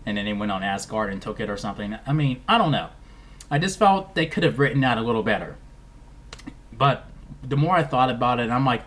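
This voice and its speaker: A man giving a casual movie review vlog, rambling and animated, with lots of restarts. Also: medium pitch.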